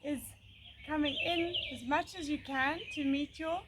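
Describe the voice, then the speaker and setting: A woman yoga teacher giving slow, calm, soothing breathing instructions with pauses. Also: high voice. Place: outdoors by a country lane. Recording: outdoor noise with birdsong. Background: birdsong.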